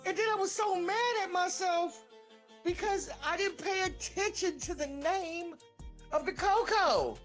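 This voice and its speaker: A woman casually telling an animated, profane story. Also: extremely high pitch, a little slow, soft background music.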